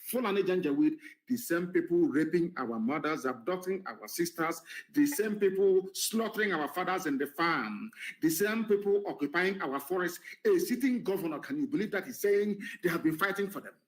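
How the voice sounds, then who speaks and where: A man delivering an impassioned political broadcast to his followers. He speaks in an emphatic, defiant way, repeats phrases and pauses with "should I say". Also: sits high, expressive, low-quality recording. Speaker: political leader addressing followers.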